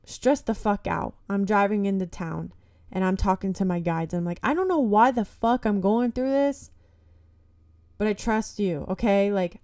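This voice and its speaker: Young woman podcast host, mellow and dry, swears freely, talks straight to listeners. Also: medium pitch, no echo. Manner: candid, heavy swearing, frequent "like" and "you know"; encouraging, addresses listeners as "guys". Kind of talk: casual solo podcast talk.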